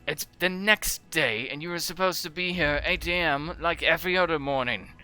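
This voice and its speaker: A man playing a stern middle-aged father who scolds his son, then speaks in tired, hushed tones. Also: on the high side, moderate pace, clean tone, faint music behind, pitched above the performer's own voice. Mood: scolding.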